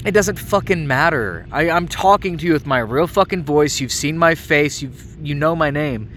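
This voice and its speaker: Man, late 30s, fuming solo rant with constant swearing and tripping restarts, voice sitting a bit high, faint traffic hum behind. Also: normal speed, fairly bright tone. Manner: angry, heavily profane, stumbling restarts. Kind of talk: ranting monologue.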